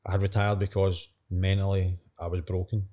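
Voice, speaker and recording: Ex-footballer guest, thirties; lowish voice, matey, rambling anecdotes. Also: male voice, little pitch movement, moderate pace, mellow. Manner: chatty, matey, retells quotes. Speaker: podcast guest, former footballer. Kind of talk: casual interview storytelling.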